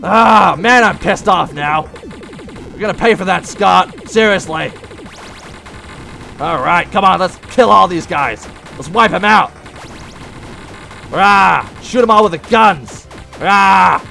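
Man playing a gravelly hot-headed pirate fox. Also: high voice, slow pace, pauses often, soft background music, exaggerated voice. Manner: pirate talk, hot-tempered, loud outbursts. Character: brash male animatronic pirate fox. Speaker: let's play gamer in character.

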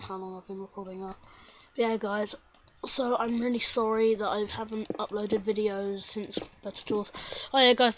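A woman's voice: a little high, muffled recording, slight background noise. A woman with sinusitis, casually commentating on a game at home through a desk mic instead of a headset, chatty and rambling. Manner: chatty and rambling, bursts into panicked shouts. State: congested with sinusitis. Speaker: gaming channel host. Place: home room with slight echo.

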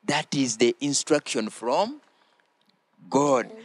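A man hosting a children's church show, teaching slowly and prompting the children to repeat phrases after him. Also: mid-range voice, animated, heavy background noise. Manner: slow, deliberate, prompting listeners to repeat phrases. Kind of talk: teaching children with call-and-response.

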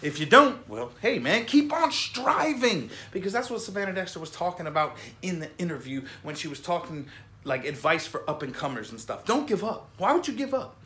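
High-voiced excitable man hyping music. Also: brisk. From Florida. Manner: excitable, rambling, peppers talk with "man" and "you know what I mean". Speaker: music reaction vlog host. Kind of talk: casual enthusiastic commentary.

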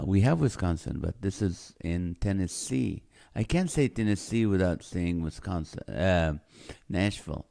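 A man's voice: on the low side, creaky, darkish tone. A man hosting a casual livestream from home, greeting viewers by name and joking as he reads their comments. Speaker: livestream host. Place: home in California.

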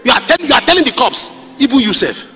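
A middle-aged Nigerian man preaching a sermon, animated and storytelling, with pidgin asides. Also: very high voice, fast, long reverb tail, soft background music. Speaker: pastor.

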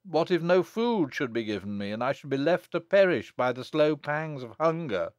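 A man's voice: fairly high pitch, very animated, normal speed, dry recording. A man reading as a wronged monk who speaks sternly and bitterly in an audiobook. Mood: anguished. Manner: stern, thundering.

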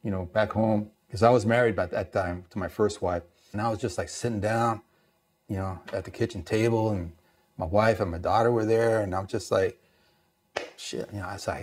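A man's voice: on the low side, moderate pace. A middle-aged man from East Los Angeles, a Navy veteran, telling stories in a casual way and acting out the voices of the people in them. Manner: animated, acts out quoted voices, many fillers. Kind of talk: casual storytelling.

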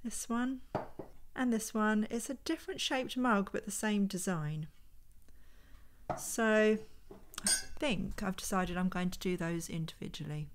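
Here she's heard with background noise, her voice medium-pitched, as this at-home vintage homeware reseller presents her finds in a show-and-tell vlog. She's chatty and unhurried, thinking aloud while handling each item.

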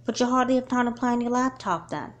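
A woman's voice: fairly high pitch, quick pace, muffled recording, close to an everyday voice. A woman voicing a forgiving, teasing best friend. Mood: friendly. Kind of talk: home-made doll movie acting.

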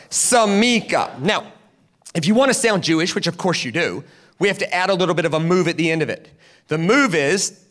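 Bright, high-pitched man preaching a sermon. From South Carolina, USA. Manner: animated teaching, leads the crowd in repeating words. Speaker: guest preacher.

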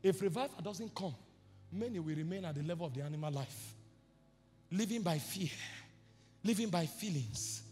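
Male pastor, very high voice, fervent shouted sermon; long hall reverb. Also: lively intonation, moderate pace, long pauses, soft background music. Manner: fervent, shouting preacher with repeated declarations. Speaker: apostle preaching.

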